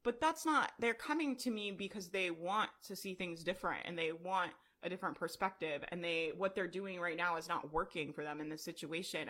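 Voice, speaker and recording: A woman's voice: fairly low pitch, a bit bright. A woman podcast host and business coach talking candidly in a casual live video, with many "like"s and "right?"s. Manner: candid, conversational, frequent "like" and "right?".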